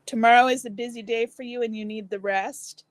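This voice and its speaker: A woman's voice: fairly high pitch, steady tone, a little fast, dry recording, rough recording. Woman, stream host, casual chat with viewers, snacking, dry close mic. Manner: chatty, talks to viewers while eating. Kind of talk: casual chat reading comments.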